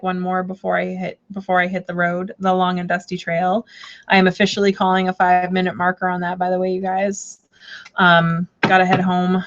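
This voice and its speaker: Lady chatting on a tarot livestream, kinda rambly, lots of um and like, low voice, dull lo-fi sound. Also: a bit bright. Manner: rambling, chatty, full of fillers and self-corrections. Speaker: tarot reader and shop owner hosting a live stream. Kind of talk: casual live-stream chat. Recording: dull lo-fi stream audio.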